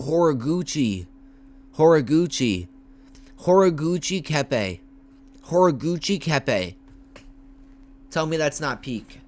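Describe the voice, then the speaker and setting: A young man livestreaming casual commentary, talking in hyped, repetitive bursts with slang and shout-outs to viewers. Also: a little high. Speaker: MMA livestreamer.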